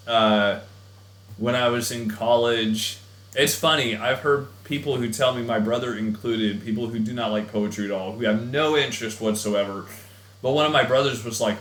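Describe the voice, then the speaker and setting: A man's voice: mid-range voice, moderate pace, a bit bright, roomy sound. A man teaching a recorded lesson in a chatty, enthusiastic way with many fillers. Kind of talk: recorded class lecture.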